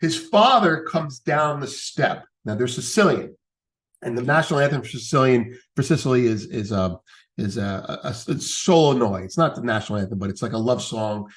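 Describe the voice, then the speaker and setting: A man's voice: mid-range voice, animated, moderate pace. A man guest on a podcast, telling a rambling story in casual chat, swearing now and then.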